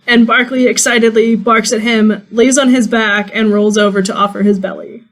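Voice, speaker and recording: Woman game master, a touch higher voice, laughs through her narration. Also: steady tone, moderate pace, poor audio. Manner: amused, laughs often.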